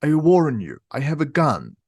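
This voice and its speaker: A man voicing a blustering, frightened middle-aged uncle who shouts threats, in a storybook reading. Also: medium pitch, expressive, normal speed, no room sound, studio quality, close to an everyday voice. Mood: shouting.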